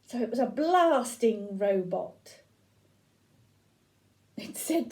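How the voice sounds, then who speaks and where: A woman's voice: a little high, lively intonation, takes it slowly, long pauses, darkish tone, rough recording. An older woman reading a picture book aloud to children, asking them questions and pointing at the pictures. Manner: interactive, asks listeners questions and points at pictures. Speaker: storyteller grandmother.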